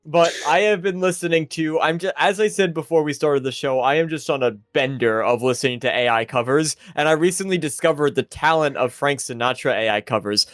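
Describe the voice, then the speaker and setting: A slightly high-voiced man is co-hosting a casual podcast, talking playfully about things he likes. His voice is recorded close and dry, with no room sound. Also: dry recording. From Italian heritage. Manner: playful, hyping things up in a sing-song pitch. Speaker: podcast co-host. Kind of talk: casual chat.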